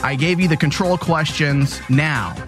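A man's voice: fairly high pitch, measured pace. A man hosting a comedic call-in show, joking and rambling as he talks to callers. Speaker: show host. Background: faint music.

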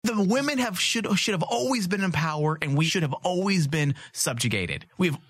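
A man's voice: sits high, lively intonation, normal speed, a bit bright, dry recording. A man on a comedy podcast, making provocative arguments in a mock-serious tone. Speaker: podcast co-host. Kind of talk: casual banter.

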